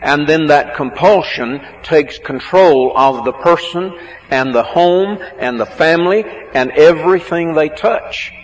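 Emphatic preacher man in an echoing hall. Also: fairly high pitch. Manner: slow, emphatic, drawn-out words for stress. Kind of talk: sermon on marriage. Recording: muffled, with a long hall echo.

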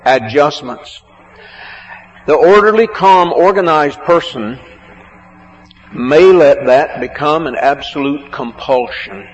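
A man preaching a sermon on marriage, slow and emphatic, drawing out words for stress. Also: on the high side. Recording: muffled, with a long hall echo.

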